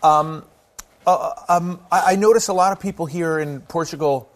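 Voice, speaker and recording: A man's voice: on the high side, moderate pace. A middle-aged American man chatting as a podcast guest, telling stories with a self-deprecating, chatty manner. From United States. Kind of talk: casual chat.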